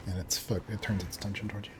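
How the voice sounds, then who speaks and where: Low-voiced man running a tabletop game. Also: little pitch movement, music in the background. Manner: deliberate, explains rules with pauses. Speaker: game master.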